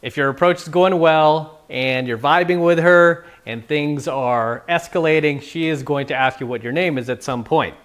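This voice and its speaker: A man's voice: a little high, moderate pace, hardly any pauses, a bit bright. A man giving casual, playful dating advice, now and then acting out quoted lines. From San Francisco. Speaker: dating coach. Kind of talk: casual instructional talk.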